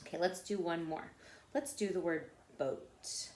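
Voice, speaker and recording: A woman's voice: fairly low pitch, unhurried, darkish tone, echoey room, a little hiss or hum. A woman teacher giving a patient phonics lesson to children, often checking in with "okay?" and "right?".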